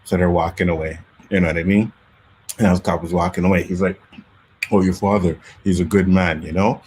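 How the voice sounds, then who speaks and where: A man hosting a casual talk show, telling street stories from his youth in Canada with lively acted-out quotes. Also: low-pitched, fairly quick, slight background noise. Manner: animated storyteller, acts out quotes. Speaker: podcast host. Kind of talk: casual storytelling chat.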